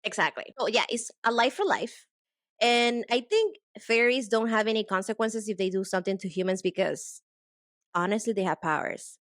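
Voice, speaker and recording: A woman's voice: medium pitch, moderate pace, no echo. Gushing woman podcast co-host, dry sound. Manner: gushing, excitable. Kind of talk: casual book-club chat.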